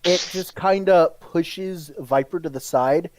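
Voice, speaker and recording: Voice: medium pitch, slow pace, a little mellow, dry recording. A game master narrating a tabletop game in a casual manner, laughing and using fillers.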